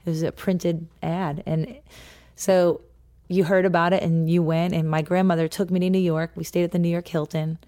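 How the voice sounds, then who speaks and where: A woman in her fifties tells stories in a casual, chatty way. Her voice sits a little low, and she slips into other people's voices when she quotes them. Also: moderate pace, hardly any pauses. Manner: lively anecdotal, mimics voices in quotes. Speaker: guest. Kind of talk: casual storytelling.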